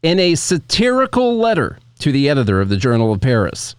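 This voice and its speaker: A man's voice: medium pitch, huge pitch swings, a little fast, clear, resonant tone, no echo. Laid-back joking man, dry close sound. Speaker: podcast co-host. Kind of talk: casual chat.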